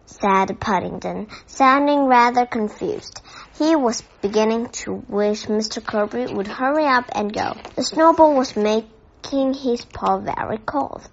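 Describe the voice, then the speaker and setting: A woman reading a children's novel aloud as a bedtime story, in gentle, steady narration. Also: mid-range voice, a little slow. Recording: dull lo-fi recording.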